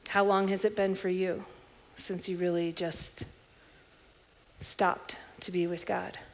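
A middle-aged woman preaching a sermon as a pastor, telling stories in a reflective way with soft restarts. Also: fairly low pitch, flat delivery, slow.

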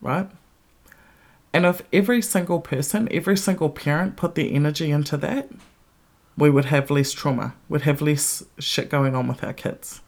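A woman's voice: low voice, steady tone, moderate pace, a little mellow. A middle-aged woman hosting a podcast, ranting bluntly with heavy swearing and strong emphasis. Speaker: podcast host. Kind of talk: casual ranting monologue.

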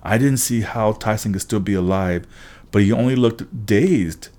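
A man reading a first-person adventure story aloud as an audiobook narrator, brisk, with occasional restarts. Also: on the low side, warm tone.

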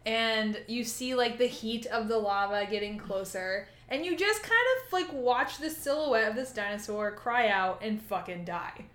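A woman co-hosting a casual podcast, her voice sitting a little high. She tells stories with lots of swearing and acts out the sounds. The room around her rings with a noticeable echo. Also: moderate pace, hardly any pauses. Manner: profane, animated storyteller who mimics sounds. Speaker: podcast co-host. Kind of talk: casual chat.

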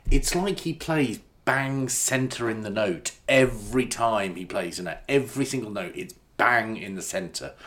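A man's voice: lowish voice, fairly bright tone. A man interviewing a musician, talking in a hesitant, self-deprecating way and circling around his point. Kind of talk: conversational interview.

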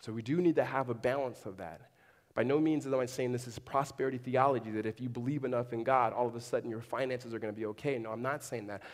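A man's voice: medium pitch, fairly even intonation, quick pace. A man preaching a sermon to a congregation in a church, speaking conversationally and slipping in dry humorous asides. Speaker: pastor. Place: large church hall with a congregation. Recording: long reverb of a big hall.

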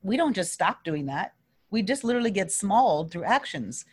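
A woman's voice: medium pitch, moderate pace, slightly rough. Earnest, restless-talking woman guest. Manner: energetic, earnest, with frequent restarts and fillers. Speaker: wellness speaker, guest. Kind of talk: conversational interview.

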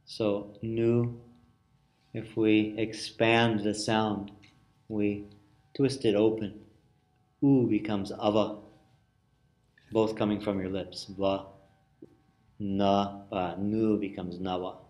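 A man teaching a lesson, explaining word roots slowly with many pauses and restarts. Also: fairly low pitch, flat delivery. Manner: slow and searching, many fillers and restarts; chants Sanskrit verse loudly in a sung tone. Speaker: yoga philosophy teacher. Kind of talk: lesson with call-and-response chanting.

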